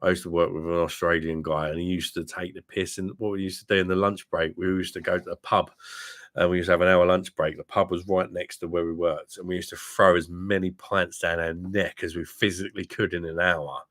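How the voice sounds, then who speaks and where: A man's voice: low-pitched, flat delivery, fairly quick, a bit bright. A middle-aged man with a blunt, joking manner, chatting casually with viewers on a live stream and calling them mate. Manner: blunt, laughing, swears freely, addresses viewers as mate. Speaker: beer reviewer and live-stream host. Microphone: webcam mic.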